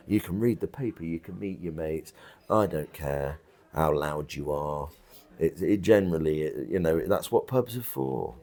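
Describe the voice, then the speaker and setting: Gravelly deep-voiced pub landlord. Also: male voice, lively intonation, normal speed, a little mellow. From England. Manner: blunt, chatty, many restarts and asides. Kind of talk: casual interview chat. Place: country pub bar.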